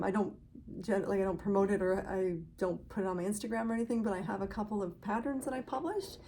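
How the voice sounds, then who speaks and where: A woman's voice: mid-range voice, dark tone, slight background noise. A woman hosting a knitting podcast, chatting casually to viewers in a gushing, grateful way.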